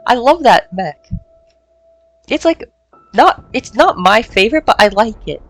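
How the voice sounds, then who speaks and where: A woman streamer chatting casually while playing a game, excitable and swearing freely. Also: fairly high pitch, unhurried, no room sound. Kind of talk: casual gameplay chat. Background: faint game music.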